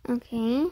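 A high-pitched woman chats her way through a game at an unhurried pace, leaning on fillers. She often drops into soft, breathy whispered asides. A faint hiss of noise sits under the recording. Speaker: gaming video creator. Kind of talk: casual let's-play commentary.

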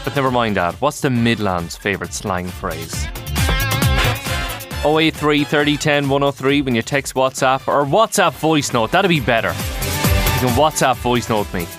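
A man's voice: medium pitch, a little slow, loud music behind the voice. An Irish man hosting a breakfast radio show, chatty and jokey, laughing often.

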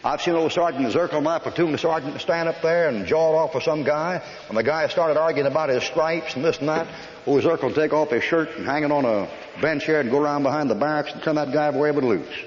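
An older man preaches in a long-echoing church hall, telling rough army stories in a blunt, folksy, scolding way. The recording sounds dull and dated, with faint hiss beneath the voice. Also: fairly high pitch, fairly quick. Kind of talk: sermon.

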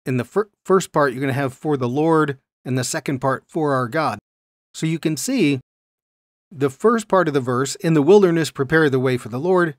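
Male Bible teacher, mid pitch, explanatory lecture delivery, dry close sound. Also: no echo. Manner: explanatory, stresses key words, reads verses aloud.

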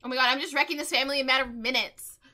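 A young woman host chatting excitedly over her gameplay, with many gasps, laughs and quick exclamations. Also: high voice. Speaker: gaming channel host. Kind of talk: casual gameplay commentary.

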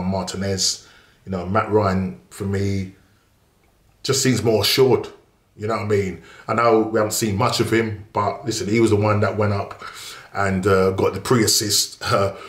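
Man, football preview host, rambling casual chat, lowish voice, roomy echo. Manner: chatty and rambling, many fillers and restarts. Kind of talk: casual match preview monologue.

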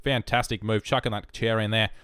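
A man with an Australian accent voicing an excitable sports commentator in punchy play-by-play. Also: fairly low pitch, a little fast, smooth, no echo, clean studio sound, natural voice. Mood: excited.

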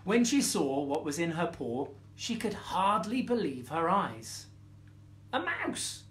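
Guy reading a bedtime story, slow and playful, lots of ups and downs. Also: fairly high pitch. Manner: expressive, playful.

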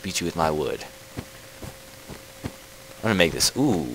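A man's voice: sits low, animated, unhurried, pauses often, background noise. A man casually commenting on his own gameplay, rambling and easily distracted, with playful trash talk aimed at animals in the game. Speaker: let's play host.

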